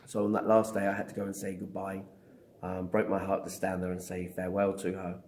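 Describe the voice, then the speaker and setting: Man, middle-aged, lowish voice, animated storyteller, hesitant fillers, interview guest. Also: brisk, a little hiss or hum. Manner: animated storyteller, acts out dialogue with hesitant ums. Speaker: interview guest, psychic medium.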